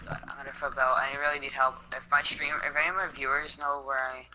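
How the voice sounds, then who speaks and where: A man's voice: medium pitch, level tone, brisk, sharp tone, slight background noise, poor audio. A man streaming a block-building game, talking casually, frantic and swearing often. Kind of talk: casual gaming stream chat.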